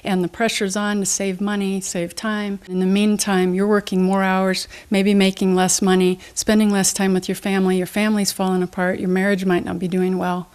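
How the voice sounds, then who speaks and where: A woman's voice: mid-range voice, moderate pace, hardly any pauses, clear, resonant tone. A middle-aged woman, a motivational speaker and trainer, explaining her methods as an interview guest with lots of examples and questions. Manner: energetic, teaching with examples and questions.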